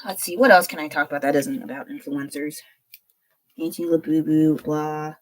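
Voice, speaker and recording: Woman streamer, lowish voice, dry close sound, loose rambling chat while painting, a bit unwell. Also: fairly even intonation, moderate pace, no room sound, rough recording. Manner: rambling, sighing and laughing. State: under the weather. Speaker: art livestreamer.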